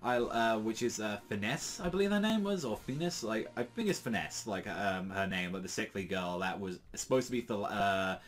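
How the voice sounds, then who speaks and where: A man's voice: on the low side, expressive, normal speed, hardly any pauses. A man casually recapping a manga chapter, rambling with many fillers and some crude asides. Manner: rambling, heavy use of fillers, profane asides. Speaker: manga reviewer.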